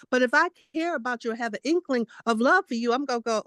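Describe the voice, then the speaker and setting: A woman's voice: high-pitched, expressive, quick pace, hardly any pauses, fairly bright tone, dry recording. A woman in her late sixties giving a casual spiritual testimony, blunt and emphatic, repeating herself and fussing at her listeners. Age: 60s. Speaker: guest spiritual teacher.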